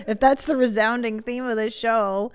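A woman's voice: fairly high pitch, normal speed, clean tone, dry recording, studio quality. A woman hosting a comedy podcast for moms, chatting casually with swearing and frequent laughter. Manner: profane, laughs often, animated. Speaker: podcast host.

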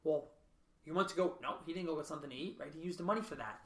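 A man's voice: fairly high pitch, very fast, reverberant, slight background noise. A man hosting a podcast, talking in an earnest, reflective way and often checking in with "right?". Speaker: podcast host. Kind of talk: casual interview chat.

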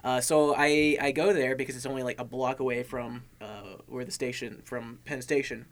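A young man co-hosting a casual podcast chat, telling stories with lively asides and quick impressions of people he met. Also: mid-range voice. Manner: animated storyteller, mimics people in his anecdotes. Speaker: podcast co-host.

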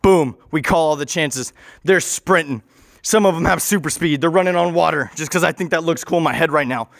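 A man's voice: fairly high pitch, fairly quick, creaky, fairly bright tone, dry recording, clean studio sound. A man improvising a rambling comic story, often interrupting himself and swearing casually.

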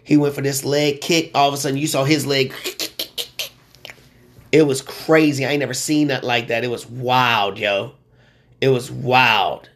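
A man hosting a sports talk show, rambling and excitable with lots of slang. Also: medium pitch, moderate pace. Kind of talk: casual sports commentary.

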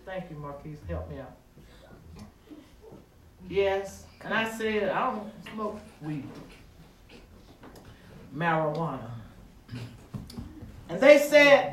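A man preaching a sermon with call-and-response, stretching words with dramatic pauses and rising to shouts. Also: sits high, big pitch swings, recorded from a distance, slight background noise. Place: church sanctuary. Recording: echoey room, voice from afar.

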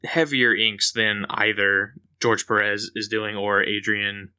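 A man's voice: fairly low pitch, level tone, slow pace, sharp tone, clean tone. A man co-hosting a casual comic book podcast, laid-back and chuckling as he jokes. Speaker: podcast co-host.

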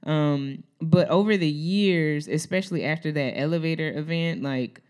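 A woman's voice: sits low, normal speed, darkish tone. A woman co-hosting a casual conversation, chatty and easygoing, with side stories and asides.

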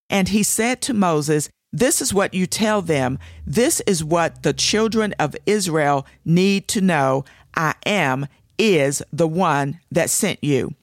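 A woman's voice: low-pitched, dry recording, studio quality. A woman hosting a devotional show, teaching scripture with emphatic, repeated declarations.

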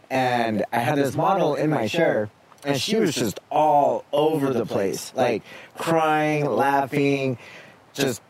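A man, a makeup artist and podcast guest, telling a story in a lively, conversational way. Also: mid-range voice. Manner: animated storyteller acting out quotes. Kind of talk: casual storytelling chat.

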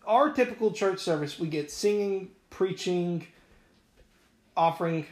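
A man's voice: sits high, expressive, a little slow. Man talking in an echoey room. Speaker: podcast host, preacher. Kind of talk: casual church discussion.

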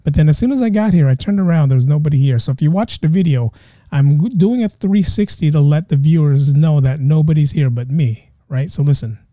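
A man's voice: fairly high pitch, fairly quick, dark tone, dry recording. A man hosting a podcast, talking casually and rambling with frequent restarts. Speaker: podcast host. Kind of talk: casual monologue.

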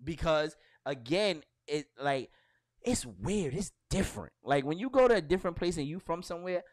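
A middle-aged man tells stories in a relaxed podcast chat, slipping into voices to act out what people said. His voice sits a little high for a man, and the sound is dry and close. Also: normal speed, dry recording. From New York. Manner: animated storytelling with acted-out quotes and slang. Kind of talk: casual chat.

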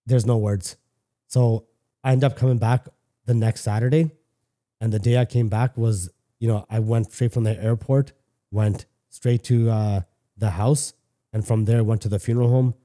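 A man's voice: medium pitch, steady tone, normal speed, warm tone. A middle-aged man from Canada telling a personal story on a podcast in a candid, casual way, swearing freely and restarting sentences often. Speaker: podcast guest.

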